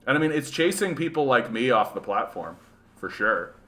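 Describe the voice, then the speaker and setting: A man from rural Manitoba hosting a casual livestream chat. His voice is bright and forward, and he rambles in loose, sarcastic asides, often ending his points with "right?". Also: mid-range voice, very animated, normal speed. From rural Manitoba, Canada. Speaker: livestream host. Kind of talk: casual livestream chat reading viewer comments.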